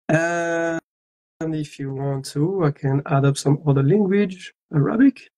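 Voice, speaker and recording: A man's voice: on the high side, a little slow, warm tone, poor audio. A man from Algeria, a voice actor chatting playfully with fans at a live autograph session and joking in several languages. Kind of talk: casual livestream chat.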